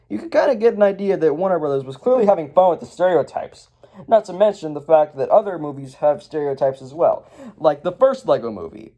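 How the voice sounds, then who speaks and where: A man's voice: on the high side, expressive, fairly quick, dark tone. A young man casually reviewing a movie, rambling with lots of ums and sarcastic asides.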